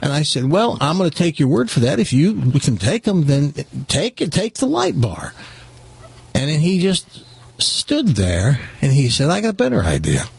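A middle-aged man with a husky, slightly raised voice tells stories with lively swings in pitch. He acts out each person's lines as he goes. His delivery is relaxed and chatty. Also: normal speed, no echo. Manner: animated anecdote-telling, acting out dialogue. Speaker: guest telling stories. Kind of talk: casual storytelling.

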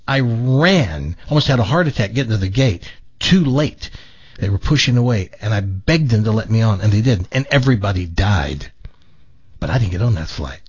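A man's voice: medium pitch, breathy edge, dull audio. A man hosting a radio talk show, chatting casually and telling a long joke with voices for its characters. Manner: animated storyteller, voices characters in jokes.

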